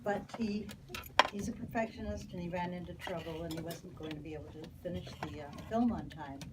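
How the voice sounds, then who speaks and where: Low-voiced woman recalling animation work. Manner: chatty, halting with fillers. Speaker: animator on a panel. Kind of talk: panel reminiscence. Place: panel talk before an audience. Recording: distant mic with clear background noise.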